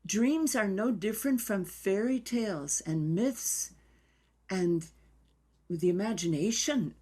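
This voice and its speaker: A woman's voice: mid-range voice, lively intonation, slow, dark tone, breathy edge. A woman voicing an elderly female dance teacher, tiny and impish, speaking emphatically with a loosely imitated foreign accent. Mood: earnest.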